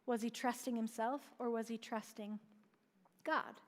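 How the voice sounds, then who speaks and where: A woman's voice: on the high side, steady tone, measured pace. A woman preaching a sermon in a church, earnestly asking questions and answering them herself. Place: church sanctuary. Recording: long church-hall reverb.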